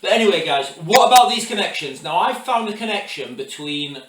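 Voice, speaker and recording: A man's voice: high-pitched, expressive, a little fast, fairly bright tone. Earnest rambling man in an echoey room. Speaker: vlogger. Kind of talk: casual news commentary to camera. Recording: roomy echo.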